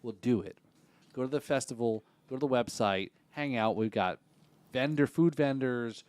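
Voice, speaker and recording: A man hosting a relaxed podcast chat, warm and affirming, with plenty of fillers. His voice sits in a middle range and sounds dry and close to the mic. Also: medium pitch, moderate pace, clear, resonant tone, dry recording. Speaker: podcast host.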